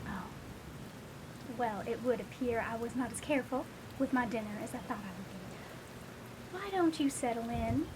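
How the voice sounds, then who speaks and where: A woman's voice: a little high, expressive, moderate pace, long pauses, noisy background, lightly acted. A woman voicing a genteel, flustered female vampire librarian in a comic sketch, talking politely and apologetically in a put-on accent.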